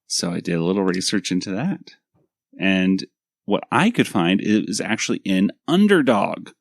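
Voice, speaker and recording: A man hosting a cartoon review podcast, talking in a low voice with lots of ums and asides. The sound is close and dry, with no room echo. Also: lively intonation, normal speed, vocal fry. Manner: rambling, many fillers, laughs easily. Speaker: podcast host. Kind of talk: casual episode review chat.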